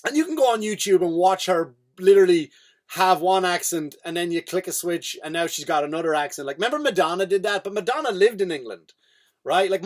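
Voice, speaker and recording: An Irish man, a comedian and podcast host, doing a rambling, profane comedic monologue. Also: fairly high pitch.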